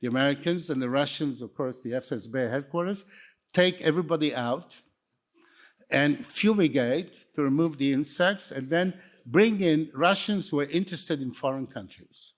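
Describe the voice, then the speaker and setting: A man's voice: on the high side, moderate pace. An older man, not a native English speaker, giving a wry, anecdotal talk that wanders from story to story. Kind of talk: lecture talk.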